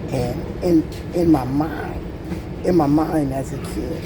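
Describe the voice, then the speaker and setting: A woman ranting about her family in a rambling, agitated way, swearing heavily, her voice climbing higher as she gets angrier. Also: takes it slowly. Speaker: vlogger. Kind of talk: emotional personal rant. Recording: loud vehicle noise behind.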